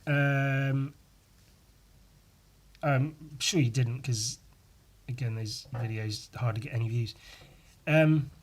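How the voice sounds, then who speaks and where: A man hosting a casual solo podcast, hoarse and losing his voice, rambling, swearing freely and putting himself down. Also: mid-range voice, slow pace, long pauses. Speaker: podcast host.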